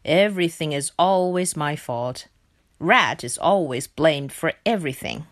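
A dignified, well-travelled rat from a storybook, speaking calmly in a lowered voice, as a woman puts him on while reading aloud. He takes his time over every line. The sound is close and dry. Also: slow, slightly rough, no echo, exaggerated voice. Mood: bitter.

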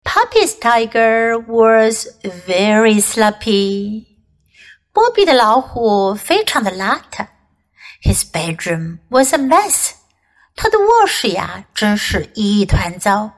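A female English teacher whose native language is Chinese reads a children's story aloud in two languages for small children. Her delivery is clear and sing-song, slightly high, with big pitch swings and a slow pace.

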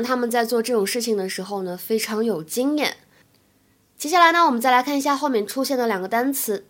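Young female English teacher, patient, explanatory, fairly high voice, slow drills. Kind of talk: spoken English lesson.

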